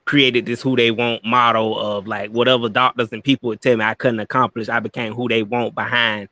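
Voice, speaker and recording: A man's voice: medium pitch, level tone, fairly quick, bright, forceful tone, dry recording. A man from Florida, a podcast founder talking in a confident, slangy casual manner. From Florida, US South. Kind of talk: casual interview chat.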